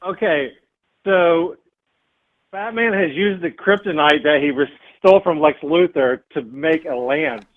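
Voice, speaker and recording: A man calling in to a live show, recapping in a deadpan, halting way with many fillers. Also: on the high side, no room sound, phone-quality sound. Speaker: caller. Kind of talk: casual call-in recap.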